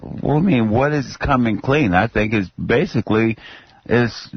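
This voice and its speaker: A former pro football player guesting on a radio show, answering in halting, stammering restarts. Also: male voice, medium pitch, slightly rough, no echo, muffled recording. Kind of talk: radio interview.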